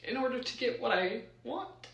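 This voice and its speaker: A crying woman with a high voice talks through her feelings in a self-questioning, emotional way. She sounds a little distant from the mic, and the room rings with echo. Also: lively intonation, moderate pace, creaky. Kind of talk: tearful confessional video.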